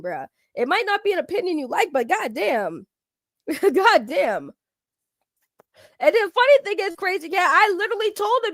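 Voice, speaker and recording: A woman's voice: high-pitched, sing-song, moderate pace, no room sound, clean studio sound. A woman hosting a casual livestream, talking back to her chat and ranting with swearing and laughter. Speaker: livestream host.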